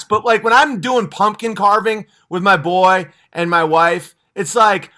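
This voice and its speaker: A man hosts a livestream with a high, bright, forceful voice. He rants with heat, swearing freely and rambling between points. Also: normal speed, hardly any pauses. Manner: passionate, profane, rambling. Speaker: livestream host. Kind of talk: heated livestream rant.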